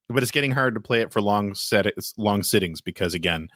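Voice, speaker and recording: A man's voice: fairly low pitch, animated, moderate pace, a bit bright, no echo, studio quality. A man co-hosting a podcast in casual chat, rambling with many restarts and fillers. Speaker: podcast co-host.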